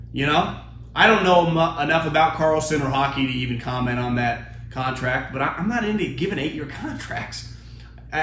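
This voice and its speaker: High-voiced blunt man ranting about sports. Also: a bit bright, roomy sound, slight background noise. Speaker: sports podcast host. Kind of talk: opinionated sports talk.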